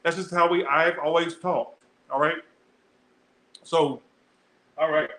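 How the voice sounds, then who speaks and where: A man's voice: a little high, steady tone, slow, pushed and bright, roomy sound, poor audio. A young man doing a casual tarot reading, chatty and blunt, swearing freely as he talks to his viewers. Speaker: tarot reader.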